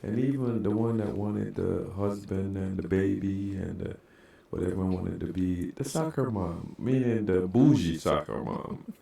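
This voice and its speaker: A man's voice: deep voice, measured pace, creaky, warm tone, heavy reverb, recorded from a distance. A man co-hosting a podcast in casual chat, joking bluntly and laughing often. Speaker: podcast co-host.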